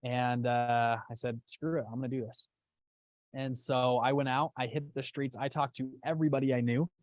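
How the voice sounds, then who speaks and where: A young man who founded a fund company, casually telling a story to an online audience in an animated way and acting out quoted lines. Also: moderate pace, no echo. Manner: animated, acts out quotes with big jumps in pitch.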